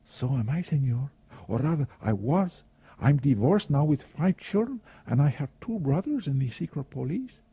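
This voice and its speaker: Man putting on a flirty bold woman, teasing, higher voice, lively, muffled lo-fi. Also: normal speed, husky, no echo, exaggerated voice.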